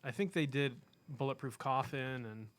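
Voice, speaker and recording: A man's voice: medium pitch, normal speed, a bit bright. A man co-hosting a casual podcast in a comic shop, rambling and correcting himself as he talks about comics. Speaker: podcast co-host. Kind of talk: casual chat.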